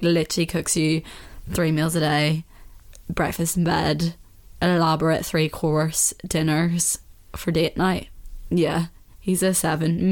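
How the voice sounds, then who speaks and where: A young woman with a Northern Irish accent, hosting a casual solo podcast in a chatty, opinionated way and laughing often. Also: on the low side. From Northern Ireland. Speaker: podcast host.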